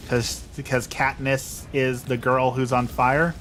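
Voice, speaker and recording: A man's voice: medium pitch, little pitch movement, takes it slowly, fairly bright tone, a little hiss or hum. A young man chatting casually while playing a game, rambling with restarts and poking fun at himself. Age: young adult. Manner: rambling, self-deprecating, frequent restarts. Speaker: streamer. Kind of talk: casual gameplay chat.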